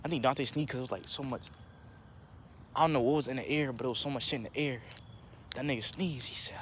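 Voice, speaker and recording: A young man telling a casual story in a slangy, animated way, jumping into higher voices for quotes. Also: fast talker, a little hiss or hum.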